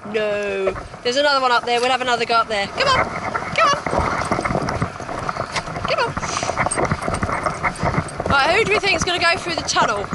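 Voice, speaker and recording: A high-voiced woman talks her dogs through an outdoor walk, her pitch leaping up and down as she praises them. She sounds like she is speaking into a phone while out in a park, with loud noise behind her. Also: sing-song, normal speed, pauses often. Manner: sing-song praise to dogs, swooping up high. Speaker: dog trainer. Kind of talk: live-streamed dog walk commentary.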